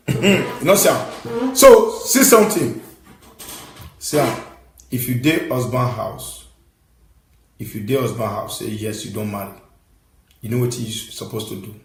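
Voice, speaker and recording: Preachy Nigerian man with a lively voice. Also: mid-range voice, measured pace, long pauses, echoey room, slight background noise, low-quality recording. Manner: scolding, preachy, bursts into shouts. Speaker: online commentator. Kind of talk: impassioned commentary.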